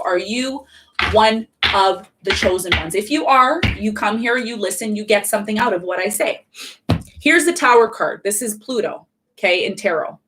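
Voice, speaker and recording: A woman hosts a live astrology stream and talks fast. She stresses her points, repeats herself and keeps asking viewers questions. Her voice sits at an ordinary middle pitch. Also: a bit bright. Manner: emphatic, repetitive, asks viewers questions; fast-talking. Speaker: astrology channel host. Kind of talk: live-streamed casual teaching.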